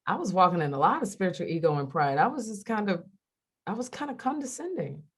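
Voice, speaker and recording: Speaking quickly in a medium-pitched, slightly rough voice, a middle-aged woman who works as a radio host and comedian opens up as an interview guest on the subject of faith. She tells her stories with animation, performing the voices of anyone she quotes.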